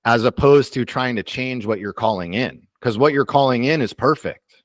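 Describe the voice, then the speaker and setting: A man hosting a video call, calmly explaining ideas and slowing down to stress his points. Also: medium pitch, no room sound. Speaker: host of a community call. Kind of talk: casual teaching on a video call.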